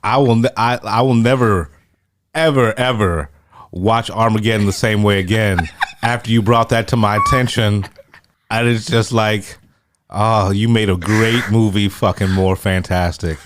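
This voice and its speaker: A drunk man co-hosting a movie podcast, telling stories in animated, profane casual chat. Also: lowish voice, measured pace, a little hiss or hum. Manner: animated storytelling, swears a lot. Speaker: podcast co-host. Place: recording studio.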